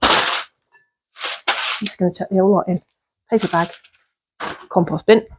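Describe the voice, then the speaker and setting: A woman's voice: on the low side, fairly even intonation, measured pace, heavy background noise. A woman chatting casually while baking in her cottage kitchen, rambling along with fillers and little laughs. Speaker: vlogger baking at home. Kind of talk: casual cooking vlog chat.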